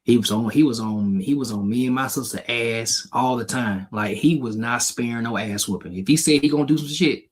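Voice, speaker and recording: A man's voice: mid-range voice, brisk, few pauses, slightly rough. A man co-hosting a podcast, telling frank, profane stories about his childhood in casual chat. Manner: candid storytelling, profane, animated. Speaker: podcast co-host.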